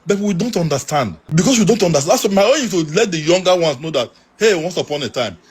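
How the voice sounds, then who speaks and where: A middle-aged Nigerian man with a husky voice, telling earnest stories and pleading with his listeners. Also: on the high side, expressive, fast. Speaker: interviewee. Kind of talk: emotional storytelling.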